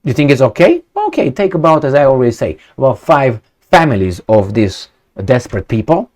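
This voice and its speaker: A man reads out a news story and comments on it bluntly and sarcastically. He fires off rhetorical questions, swears now and then, and stumbles through filler words and restarts. His voice sits at a middling pitch but swings widely up and down. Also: sing-song, a little mellow. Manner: halting, many fillers and restarts.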